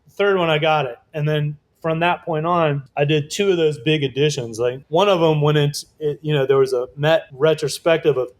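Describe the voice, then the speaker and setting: A man telling a lively story as a guest in an interview, casual and swearing often, acting out other people's voices. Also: a little high, a little fast, few pauses. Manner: animated, swearing, acts out quoted voices. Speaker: guest artist.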